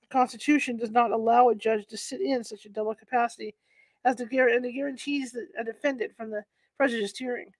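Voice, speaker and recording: A woman's voice: fairly high pitch, fairly even intonation, quick pace, dry recording. A woman reading a historical courtroom account aloud, stumbling over words and correcting herself as she goes. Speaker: narrator.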